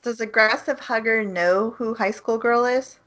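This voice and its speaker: A woman's voice: a little high, measured pace, a bit bright, muffled recording. A woman co-hosting a podcast, asking pointed follow-up questions and laughing often. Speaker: podcast co-host. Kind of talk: casual podcast chat.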